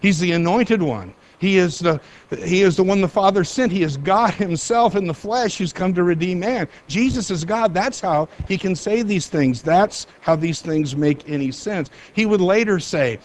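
A middle-aged male pastor delivering a sermon in a somewhat high voice. He preaches emphatically, drawing out key phrases slowly and rushing through asides. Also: a little hiss or hum. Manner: emphatic, varies pace for emphasis.

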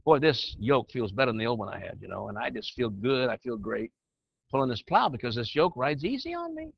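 A man's voice: medium pitch, sing-song, a little fast, gravelly, slight background noise, voice pushed down. A man voicing a contented, hardworking male ox with a cheerful, easygoing drawl. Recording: muffled lo-fi recording.

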